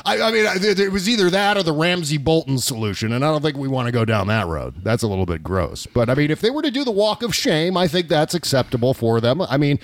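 Lively-voiced man hosting a comedy talk show. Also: a little high, quick pace, few pauses, slight background noise. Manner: animated, wry, exaggerates for laughs. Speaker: radio show host. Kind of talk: casual political comedy talk.

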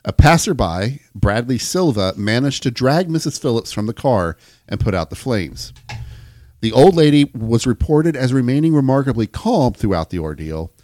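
An American man with a mid-range, slightly mellow voice co-hosts a podcast, sounding very animated at a normal pace on a dry recording. In casual chat he reads long passages aloud, now and then stumbling over words and restarting, and jokes along the way.

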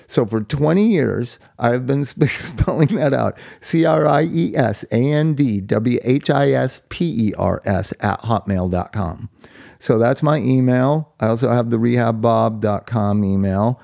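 A man's voice: medium pitch, normal speed, vocal fry, dark tone, dry recording, studio quality. A middle-aged man talking candidly in a blunt, profane and heartfelt way, rambling and restarting his sentences. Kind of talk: candid monologue.

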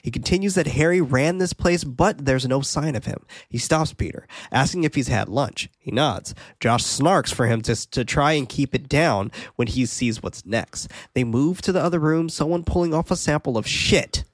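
A man's voice: medium pitch, normal speed, hardly any pauses, dry recording, clean studio sound. A man casually recapping a movie scene by scene on a podcast, laughing often and swearing freely. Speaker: podcast co-host recapping a film.

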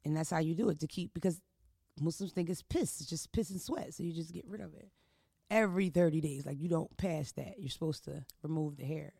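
A woman hosting a casual podcast chat, ranting loudly in a blunt, profane way. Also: low-pitched, fairly quick, gravelly, no room sound, studio quality. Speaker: podcast host. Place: indoor recording room.

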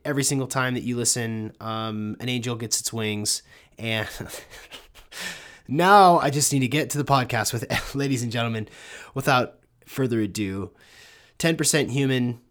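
A male podcast host with a summer cold talks at a middle pitch in a loose, rambling way. He circles back, restarts sentences and fills pauses as he introduces a guest and chats with her. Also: fairly bright tone. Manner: rambling, with many restarts and fillers. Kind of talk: casual podcast intro and interview.

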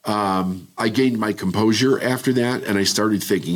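A man's voice: on the low side, moderate pace. A middle-aged man, a podcast guest, telling his life story candidly and reflectively, with frequent restarts. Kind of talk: personal story in interview.

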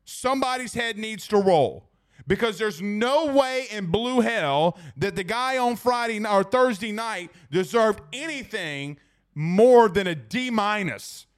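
A young man hosts a loose sports talk stream, and his voice sits high for a man. He rambles and rants with plenty of fillers, restarts and asides to the chat. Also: lively intonation, a little slow. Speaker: sports talk show host.

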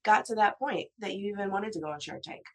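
A woman hosting a podcast interview, introducing her guest and telling stories with lively enthusiasm. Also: mid-range voice, fast talker. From Delaware, United States. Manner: enthusiastic, animated storyteller. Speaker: podcast host. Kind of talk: casual interview.

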